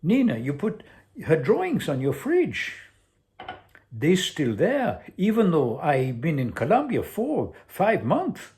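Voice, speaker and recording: A man's voice: fairly high pitch, wildly swooping pitch, slow pace, a little mellow, pitched above the performer's own voice, exaggerated voice. A man reading a short story aloud, voicing an exiled Colombian ex-lawyer turned cleaner who speaks blunt, broken English with a Spanish accent. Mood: earnest.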